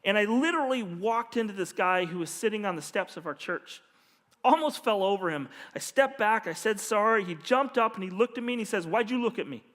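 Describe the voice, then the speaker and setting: A man preaching as a pastor, telling a personal story earnestly and dropping to a hushed voice when he quotes others. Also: high-pitched, animated, fairly quick. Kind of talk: storytelling sermon. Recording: long hall reverb.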